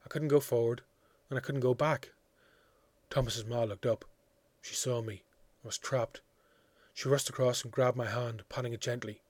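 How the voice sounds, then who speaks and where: A man narrating a literary story in a measured, quiet, reflective way. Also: mid-range voice, steady tone, no echo. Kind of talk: audiobook reading of a literary story.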